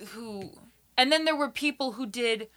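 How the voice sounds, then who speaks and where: A woman chatting casually as a podcast guest, telling animated stories with lots of "like" fillers and frank swearing. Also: a little high, unhurried. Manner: animated storytelling, many "like" fillers, swears freely. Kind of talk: casual chat.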